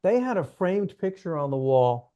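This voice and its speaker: A man's voice: high-pitched, big pitch swings, moderate pace, dark tone, lo-fi sound. A man co-hosting a casual chat, prompting the guest and reminiscing about old comedy clubs. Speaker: co-host.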